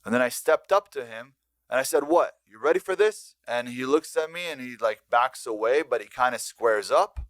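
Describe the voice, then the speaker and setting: A man's voice: mid-range voice, moderate pace, a bit bright, no echo. A man telling boastful tough-guy stories as a podcast guest, acting out quotes with bravado. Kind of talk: boastful storytelling.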